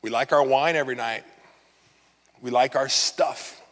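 A man's voice: mid-range voice, a little slow, fairly bright tone, big-room sound. A man preaching a sermon in a conversational, earnest way, often acting out the words of the people he talks about. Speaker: pastor.

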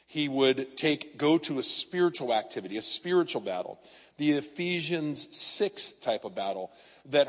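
A male pastor preaching a sermon in a conversational, storytelling way, talking straight to his congregation. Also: medium pitch. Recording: long hall reverb.

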